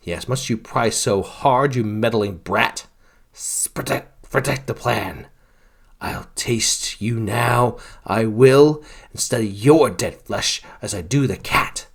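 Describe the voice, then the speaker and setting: A man's voice: mid-range voice, slow pace, slightly rough. A man voicing a sneering shape-shifting doppelganger that taunts and threatens in a raised, strange-sounding voice. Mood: menacing.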